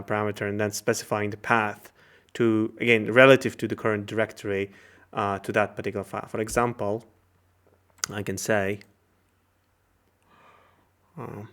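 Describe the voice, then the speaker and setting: A man teaches a programming lecture as he codes live, talking his way through each step. His voice sits on the low side and comes across smooth and clear. He fills pauses with small hesitations and corrects himself as he goes, with keyboard typing heard behind him. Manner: thinks aloud while typing code, many fillers and self-corrections.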